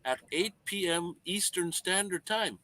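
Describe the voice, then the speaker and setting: A man's voice: high voice, animated, unhurried, a loud crowd. A Canadian man in casual chat who tells corny jokes and laughs at his own lines.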